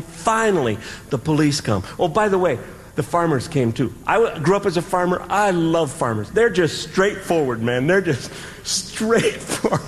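High-voiced man telling a stand-up story. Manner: animated, dramatic pauses, sound effects. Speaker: stand-up comedian. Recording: live hall with audience ambience.

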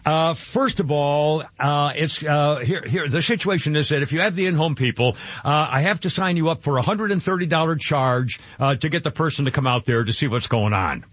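A man's voice: on the high side, moderate pace, hardly any pauses, a bit bright, no room sound, highs cut off. An eighty-year-old man telling an exasperated, rambling story in a casual radio monologue, grumbling and tossing in sound-effect words. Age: 80s.

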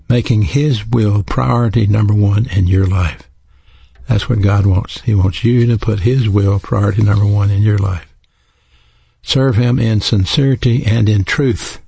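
A man's voice: fairly low pitch, vocal fry, a little mellow, slightly rough, no echo. A man preaching a sermon in an earnest, teaching way, spelling out words letter by letter.

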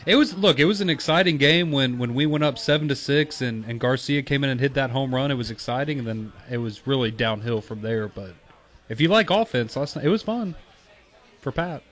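A man's voice: mid-range voice, lively intonation, fairly quick, fairly bright tone. A man on a sports radio panel, chatting casually with dry, teasing remarks.

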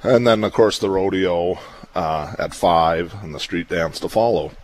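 A man, a small-town mayor answering radio questions. His voice sits very low, and he runs through local events in a relaxed, matter-of-fact way. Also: measured pace. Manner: laid-back, lists events plainly. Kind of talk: casual radio interview.

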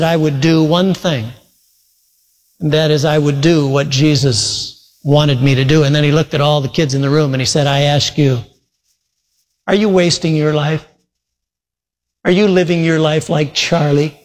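Male preacher, earnest storytelling, somewhat high voice, long echo of a big hall. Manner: earnest storytelling with quoted retellings and sudden loud shouts. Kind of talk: sermon storytelling.

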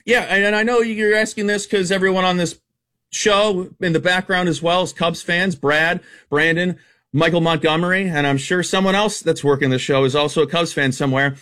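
Brief: high-voiced male betting analyst, rapid-fire stats, blunt opinions. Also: steady tone, fairly bright tone. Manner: rapid-fire stat-heavy, emphatic and opinionated. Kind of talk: casual radio sports betting talk.

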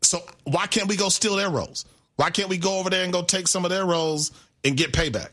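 A man co-hosting sports talk radio, with a fairly high, bright voice. He talks in loose casual banter, trips over his words and restarts them often. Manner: halting, self-interrupting, laughs easily. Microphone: studio microphone.

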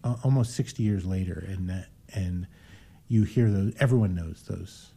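A man in his sixties hosting a casual interview, speaking hesitantly with many pauses and restarts. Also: low voice, creaky, dark tone, husky. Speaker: host.

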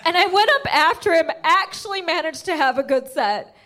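A young woman doing a stand-up comedy set, telling a story with animated, excitable delivery and sudden high outbursts. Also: normal speed.

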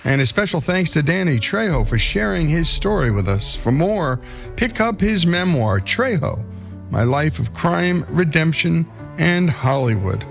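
A man closes a radio segment in a calm, scripted voice with a gravelly texture. His delivery is measured and reflective. Faint instrumental music plays underneath. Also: fairly high pitch. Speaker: radio host. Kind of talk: scripted broadcast narration.

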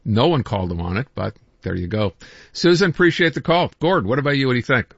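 A man hosting a call-in radio show, brisk and conversational as he moves between callers. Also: mid-range voice, animated, creaky, dry recording, muffled recording. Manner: brisk, conversational, takes calls quickly.

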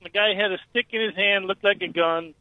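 A man's voice: high-pitched, steady tone, a little fast, no echo, phone-quality sound. A man in his fifties calling a radio show, telling a rambling story and stumbling over his words. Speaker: caller. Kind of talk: phone-in call.

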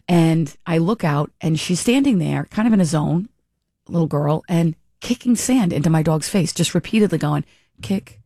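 A middle-aged woman hosting a talk show, giving animated, exasperated commentary with many restarts and mock quotes. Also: lowish voice, no echo, studio quality. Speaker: talk radio host. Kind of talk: opinionated casual commentary.

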